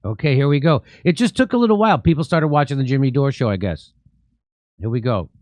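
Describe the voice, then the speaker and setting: Animated, sarcastic male commentary host. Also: medium pitch, fast talker, no echo. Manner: mocking, animated, sarcastic asides. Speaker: show host.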